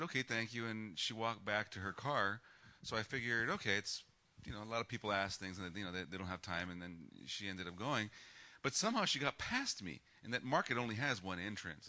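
A man's voice: lowish voice, sharp tone. A man giving an earnest personal testimony to a church, telling his story and quoting the people in it.

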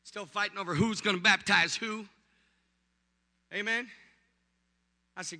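A pastor preaching with animated, punchy storytelling and comic timing. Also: male voice, high voice, a little slow, in a large hall. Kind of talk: storytelling sermon.

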